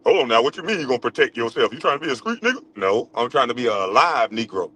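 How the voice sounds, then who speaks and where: A man's voice: mid-range voice, animated, fast talker, bright, forceful tone, a little hiss or hum. A middle-aged man, talking loosely and playfully to his viewers in a casual vlog. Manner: loose, playful, talks to viewers, swears freely. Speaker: vlogger.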